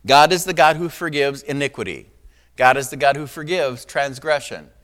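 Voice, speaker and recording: A man's voice: fairly high pitch, normal speed, fairly bright tone. A man preaching a sermon, reading scripture with dramatic emphasis and often checking in with "right?" and "amen?". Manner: conversational preaching, frequent "right?" and "Amen?" asides. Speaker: pastor.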